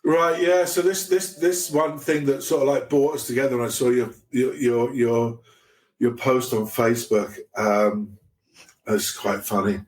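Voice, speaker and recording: A middle-aged male podcast guest tells a story casually, his halting speech full of stammers and restarted sentences. His mid-range voice is steady and a little mellow.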